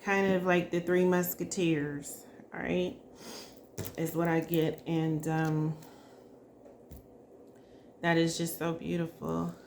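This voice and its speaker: A woman doing a psychic spirit reading, speaking softly and emotionally and addressing the spirit directly. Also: fairly low pitch, level tone, takes it slowly, vocal fry, long pauses, slight background noise. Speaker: psychic reader.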